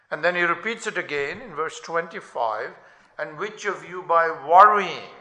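A male preacher delivers a sermon at an unhurried, measured pace, his voice a little high and bright. He rises forcefully whenever he quotes scripture. The sound is roomy, with plenty of echo from the hall. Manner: slow, deliberate preaching with emphatic rises on quotations. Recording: echoey room.

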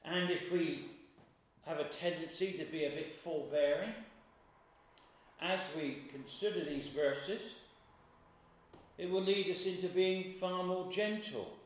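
A man preaching a sermon in a slow, measured way, stressing key words with emphasis. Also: on the high side. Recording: very echoey room, voice from far off.

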